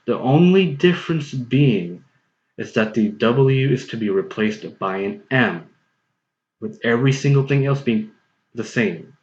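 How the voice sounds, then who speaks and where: A man giving a patient, step-by-step pronunciation tutorial, repeating points and often checking in with okay. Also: on the low side. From United States. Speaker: online language tutor. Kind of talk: explanatory tutorial voice-over. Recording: roomy, slightly dull home recording.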